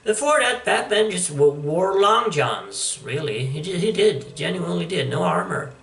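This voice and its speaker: A man's voice: a little high, animated, unhurried, creaky, few pauses, a bit bright. A man giving casual, wry commentary on a comic book, chuckling as he goes. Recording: echoey room, distant mic.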